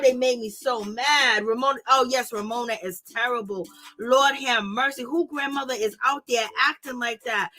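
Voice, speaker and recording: High, bright-voiced exasperated woman vlogger. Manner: exasperated, animated, slangy, talks to viewers directly. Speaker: vlogger reviewing reality TV. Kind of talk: casual ranting commentary.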